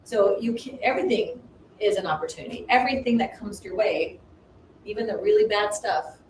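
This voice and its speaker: A woman minister and business coach in casual spiritual chat, animated and acting out inner voices. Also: medium pitch, brisk. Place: home livestream. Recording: roomy, distant mic, faint noise.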